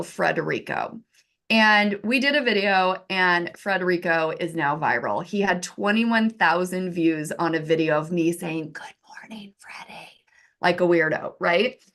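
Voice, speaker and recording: A woman in her thirties, a software co-founder, giving casual marketing advice in a lively way, often asking "right?" and acting out quotes. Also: mid-range voice. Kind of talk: casual teaching talk with screen share.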